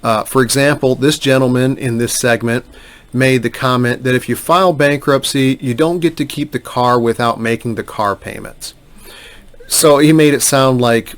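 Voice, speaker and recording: A man's voice: mid-range voice, moderate pace. A man, a middle-aged bankruptcy attorney, talking straight to camera and emphatically rebutting bad advice with scoffing asides. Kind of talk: direct-to-camera commentary.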